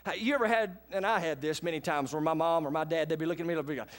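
A high-voiced man delivers a sermon in a church. He moves between chatty, folksy remarks to his congregation and animated preaching. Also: very fast. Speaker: pastor. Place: church sanctuary.

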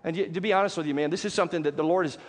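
A pastor with a high, light voice preaches to his congregation. He keeps it conversational and calls for "amen" back from the pews. Long reverb from a large church hall follows his words. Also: racing. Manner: conversational, call-and-response with congregation. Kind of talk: sermon.

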